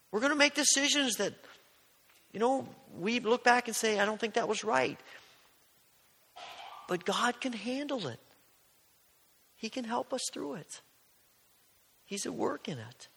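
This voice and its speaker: A man preaching a sermon in a conversational, storytelling way, sometimes dropping his voice to a soft near-whisper. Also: extremely high pitch, lively intonation, measured pace, vocal fry, pauses often, slightly rough, big-room sound. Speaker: pastor.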